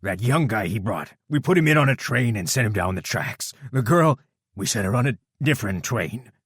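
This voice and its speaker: A man's voice: medium pitch, lively intonation, normal speed, breathy edge, no room sound, studio quality, voice pushed up. A man voicing a big crude brute who turns to blubbering pleas, in an audiobook. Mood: begging. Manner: loud and crude, pleading tearfully.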